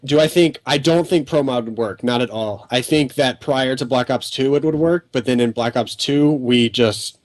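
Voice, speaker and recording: A young man chats casually about games, circling his points with restarts and fillers. His voice sits at a middling pitch and sounds dry and close, with no room around it. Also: normal speed, few pauses, no room sound. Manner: rambling, many restarts and fillers. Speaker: podcast panelist. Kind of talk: casual gaming podcast chat.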